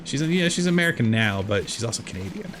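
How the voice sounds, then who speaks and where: A man's voice: fast, music in the background. A man in his thirties from South Jersey, with its accent, chatting casually while streaming a farming game and answering his chat in a rambling way. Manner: chatty, rambling, lively with sudden high jumps. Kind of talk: casual gameplay chat with chat readers.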